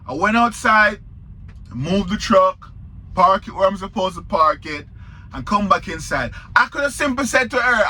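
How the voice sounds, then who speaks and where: A man's voice: high voice, expressive, normal speed, sharp tone, a little hiss or hum. A man with a Jamaican accent, a truck driver telling a story in a casual vlog, talking straight to viewers.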